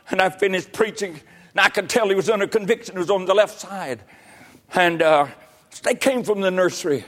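An older man, preaching a sermon with folksy stories and sudden loud outbursts. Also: sits high. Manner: folksy storytelling, bursts into loud exclamations.

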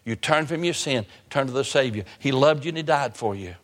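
A male pastor preaching a sermon in a church, repeating phrases and slowing down hard for emphasis. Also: medium pitch, animated. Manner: preaching with repetition and sudden slow emphasis. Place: church sanctuary. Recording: long hall reverb.

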